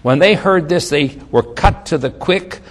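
This fairly high-pitched male voice moves at an unhurried pace, trailed by a long reverb. He's preaching a sermon, reading Bible passages with mounting emphasis and drifting into offhand asides.

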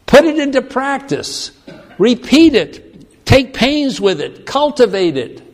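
A man preaching a sermon, telling a self-deprecating personal story with lively, animated delivery and frequent restarts. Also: high voice.

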